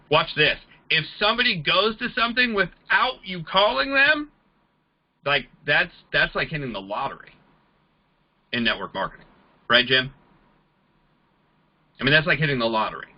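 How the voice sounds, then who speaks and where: A man giving a network marketing training talk, an animated storyteller who acts out the people he quotes. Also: a little high, dull audio.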